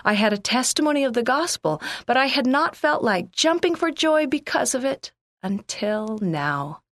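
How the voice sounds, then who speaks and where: A woman from Canada reading a first-person church magazine article aloud in a calm, earnest, scripted narration. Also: high voice, normal speed, dry recording.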